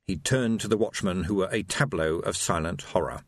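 A man narrating an audiobook in an expressive, wry storytelling voice. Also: low-pitched, fairly quick, hardly any pauses, breathy edge, dry recording, clean studio sound. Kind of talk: scripted narration.

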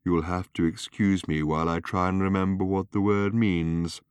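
Guy reading as a rusty old robot, deep hollow rattle, groans slow and gloomy, dry sound. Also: steady tone, smooth, no echo, lightly acted. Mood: mournful. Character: ancient gloomy male robot, rusty, self-pitying.

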